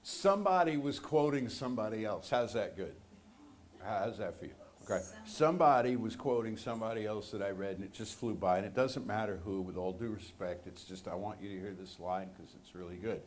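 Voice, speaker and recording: A man's voice: lowish voice, animated, fairly quick, a little hiss or hum. A man preaching a sermon to a congregation, speaking conversationally and with animation, joking with his listeners. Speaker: minister. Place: church sanctuary.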